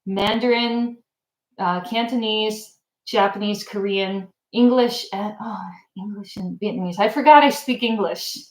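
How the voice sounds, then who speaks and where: A woman's voice: mid-range voice, measured pace, reverberant, low-quality recording. Chatty woman streamer from Michigan. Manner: animated, laughs often, reads chat comments aloud. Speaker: language YouTuber. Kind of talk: casual livestream chat.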